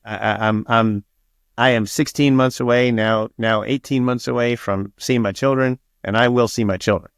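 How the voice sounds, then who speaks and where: A man in an interview tells his stories loosely, cursing freely and slipping into the voices of people he quotes. His voice sits at a middle pitch. The sound is close and dry, with no room echo. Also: fairly even intonation, normal speed, smooth. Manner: swears freely and acts out quoted dialogue. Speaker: interviewed author. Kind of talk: casual storytelling interview.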